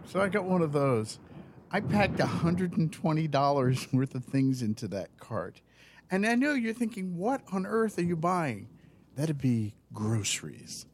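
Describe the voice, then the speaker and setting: A man's voice: fairly high pitch, sing-song, unhurried, a little hiss or hum. A man co-hosting a casual podcast chat, telling little stories and reading out facts. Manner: chatty, storytelling, reading figures aloud. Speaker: podcast co-host.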